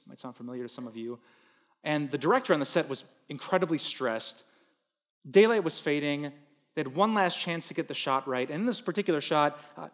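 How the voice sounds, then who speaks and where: Male pastor, slightly high voice, earnest sermon with loud bursts and hushed drops, long hall reverb.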